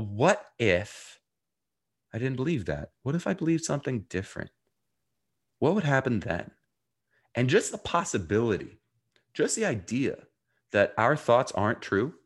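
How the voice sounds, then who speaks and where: A man with a very low, deep voice talks as a coach on a podcast. He is animated and emphatic, pressing his points and acting out other people's words. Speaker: guest, mindfulness coach. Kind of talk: conversational podcast interview.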